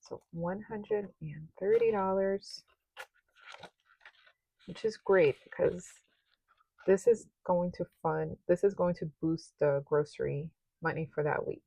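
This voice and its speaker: A woman's voice: fairly low pitch, measured pace, creaky, pauses often, warm tone, breathy edge, no echo, highs cut off. A young woman chatting casually while she sorts cash into budget envelopes, rambling with lots of fillers. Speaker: budgeting vlogger. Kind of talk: casual cash-stuffing commentary.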